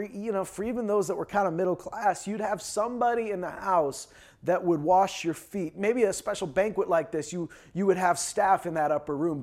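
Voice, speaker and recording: High-voiced conversational male preacher. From Canada. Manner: conversational, with frequent fillers and repetitions. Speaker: pastor. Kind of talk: sermon.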